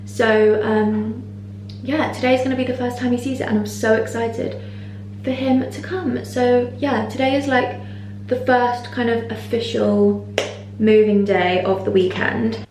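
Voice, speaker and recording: A young woman in her twenties chatting casually to camera in a vlog, excitable and full of fillers. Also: on the high side, unhurried. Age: 20s. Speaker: vlogger. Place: indoors, mostly empty new flat. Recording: echoey room, faint background noise.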